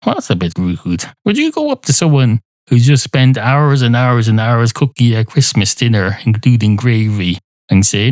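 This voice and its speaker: A man's voice: mid-range voice, big pitch swings, normal speed, hardly any pauses, a little mellow, no room sound. A man hosting a podcast, rambling through a mock-indignant comic monologue. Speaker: podcast host.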